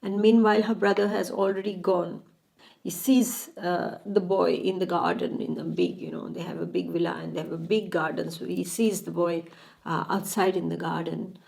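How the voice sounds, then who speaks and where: A woman's voice: on the low side, fairly even intonation, moderate pace, gravelly, a little mellow, low-quality recording. A woman telling a moral story in a casual, informal way, full of fillers and restarts.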